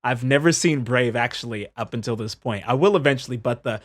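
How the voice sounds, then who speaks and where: A man casually narrating highlights from his game stream, upbeat and chatty, laughing as he explains. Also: normal speed, few pauses. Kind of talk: casual commentary over stream clips.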